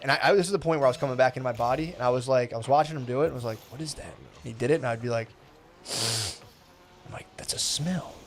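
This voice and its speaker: A man's voice: medium pitch, rapid-fire, over music. A man co-hosting a podcast in casual chat, telling loose, profane stories full of acted-out quotes. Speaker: podcast co-host.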